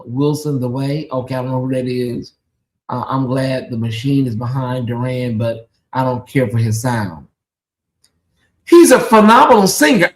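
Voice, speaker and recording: Gossipy and animated, the host of this live reaction stream reads chat comments and addresses viewers like old pals, tossing in "girl" and "honey." Loud exclamations push the middling voice higher, while quick asides drop it low.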